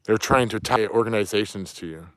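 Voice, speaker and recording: A man's voice: lowish voice, brisk, no room sound, clean studio sound. Angry, profane man ranting. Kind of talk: ranting monologue. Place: outdoors near woods, with dog.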